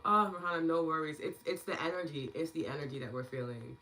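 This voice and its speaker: A woman's voice: on the low side, expressive, moderate pace, sharp tone. A woman hosting a live online gratitude session, chatting casually and affectionately, laughing often as she reads out and thanks viewers' comments.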